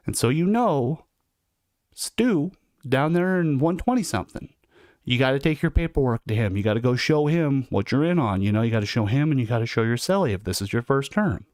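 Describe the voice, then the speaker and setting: A man tells stories to his livestream viewers in a relaxed, conversational way. His voice sits at an average pitch for a man. The sound is dry and close, with no room echo. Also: fairly quick. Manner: conversational and reflective. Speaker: livestream host recounting incarceration. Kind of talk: casual storytelling monologue.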